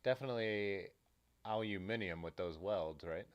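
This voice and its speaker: A man's voice: on the low side, normal speed. A man hosting a casual livestream, rambling along and reading viewer comments aloud. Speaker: livestream host. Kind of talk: casual live chat.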